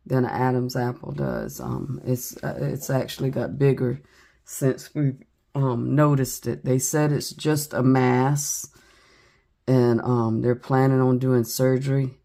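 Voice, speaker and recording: Middle-aged craft vlogger, dark gravelly voice, flat rambling chat full of ums. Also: female voice, very deep voice. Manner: chatty storytelling with many ums.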